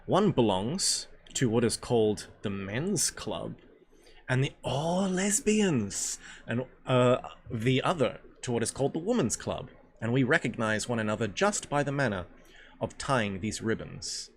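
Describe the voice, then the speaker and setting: A man's voice: mid-range voice, expressive, a little slow, slight background noise. A man leading a reading group on a stream, reading a book aloud, stumbling over words and breaking off for casual, joking asides.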